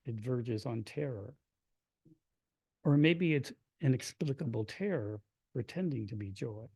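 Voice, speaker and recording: A poet from Kentucky stands before an audience at a reading, delivering his verse quietly and deliberately, then chatting more brightly with listeners between pieces. He speaks in a mid-range voice, with no room sound in the recording.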